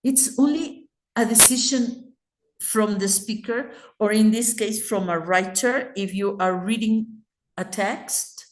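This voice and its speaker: A woman's voice: medium pitch, slow, echoey room, slight background noise. A woman with a Mexican Spanish accent teaching English grammar in an online class, patiently explaining and checking in with her students.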